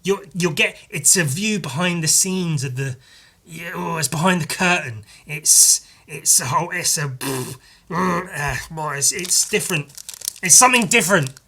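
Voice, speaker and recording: In a slightly slow, pushed and bright voice on the high side, with a breathy edge, this man talks through a casual behind-the-scenes podcast monologue. He curses freely and rambles while counting cards and envelopes aloud.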